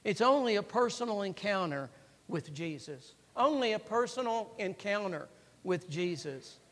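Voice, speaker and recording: Guy preaching in a big church, higher voice, goes loud then real hushed, long echo off the hall. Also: lively intonation, moderate pace. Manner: swings between loud emphasis and hushed, quiet phrases; repeats phrases for emphasis, reads scripture aloud. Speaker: pastor. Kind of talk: sermon. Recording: long reverb of a large hall.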